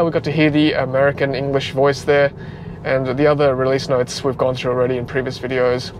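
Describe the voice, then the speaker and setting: A man's voice: mid-range voice, a little fast. A man, a car vlogger, chatting casually while he drives, with lots of fillers. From Australia. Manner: chatty, relaxed, frequent fillers. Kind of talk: casual talk while driving. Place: inside a moving car. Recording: road noise inside a car.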